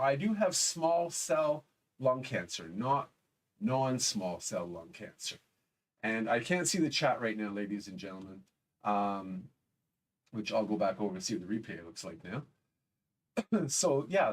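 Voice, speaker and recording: Somber halting man, a bit off-mic. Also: mid-range voice, far from the mic. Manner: halting, somber, many pauses. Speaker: live-stream host. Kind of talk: live stream talk reading chat.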